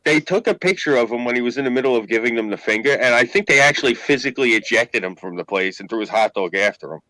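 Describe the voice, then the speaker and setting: A man with a New York accent, telling profane, animated stories in a casual chat. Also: mid-range voice, fast talker, no echo, rough recording. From Queens, New York.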